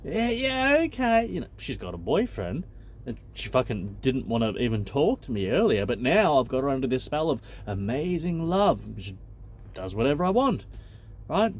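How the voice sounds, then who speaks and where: A man's voice: medium pitch, a little mellow, slight background noise. A man, a channel host who reads a spiritual text aloud and comments on it in a blunt, loose and conversational way, swearing freely.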